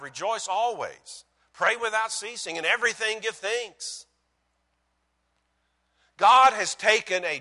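A pastor delivers a sermon, moving between loud emphasis and quiet lines while telling homey stories that poke fun at himself. His voice sits high, and he is in a large hall.

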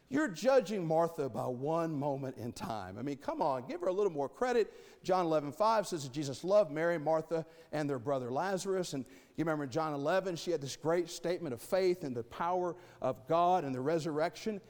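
A man preaching a sermon, asking rhetorical questions and swinging between loud and soft. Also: on the high side, lively intonation, brisk, long reverb tail.

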